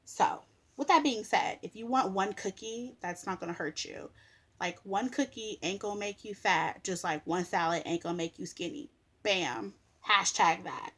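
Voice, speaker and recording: A young woman talks straight to her camera in a casual vlog rant. She is blunt, sassy and exasperated, with a voice of middle pitch, and she swears freely and makes quick comebacks. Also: fairly bright tone, slightly rough. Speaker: vlogger.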